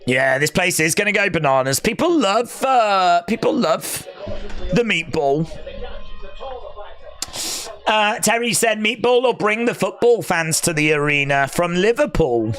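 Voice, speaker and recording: A man from England hosts a live watch-along of the fights, talking in a fairly high voice and an unhurried, drawn-out pace. He chats casually with viewers and bursts into cheering shouts. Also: lively intonation, faint music behind. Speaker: live stream host reacting to fights.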